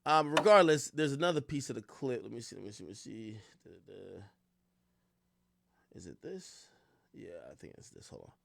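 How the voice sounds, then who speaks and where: A man's voice: medium pitch, normal speed, gravelly, a little hiss or hum. A man giving casual live-stream commentary on clips, rambling and restarting, his voice fading off the mic while he looks for things.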